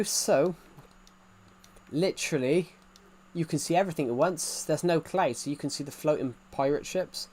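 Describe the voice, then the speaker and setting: A man's voice: fairly high pitch, normal speed, darkish tone. A man casually chatting while streaming a game, rambling and reacting to viewers' comments. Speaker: gaming streamer.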